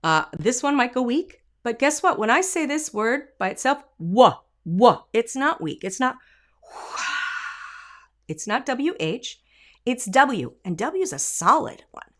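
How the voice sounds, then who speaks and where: An energetic woman vocal coach, in middle age, walks through a singing lesson. Her explanations are emphatic, and she breaks off into short sung examples. She sounds as if she is recording in a home studio. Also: high-pitched, measured pace. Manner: lively, emphatic teaching with sung and spoken examples.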